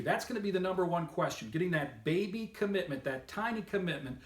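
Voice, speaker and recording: A man's voice: fairly high pitch, animated, fairly quick, hardly any pauses, roomy sound. A man giving an upbeat, emphatic sales training lesson, coaching listeners on method. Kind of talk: instructional talk to camera.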